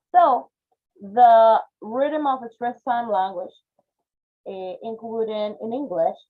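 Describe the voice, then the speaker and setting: A woman teaching a phonetics class online, explaining step by step and checking in with "okay?", with Spanish as her first language. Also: mid-range voice. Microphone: video call. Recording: tinny phone-like video call audio.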